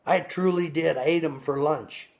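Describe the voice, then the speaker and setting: A man doing Bunky, a bragging old bass. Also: moderate pace, gravelly. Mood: boastful. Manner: bragging, tall-tale telling. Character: boastful old male bass fish.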